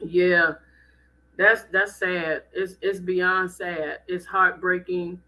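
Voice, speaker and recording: A woman hosting a live stream, giving blunt, animated commentary with speech. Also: lowish voice, slow, poor audio. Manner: animated, blunt, preachy ranting.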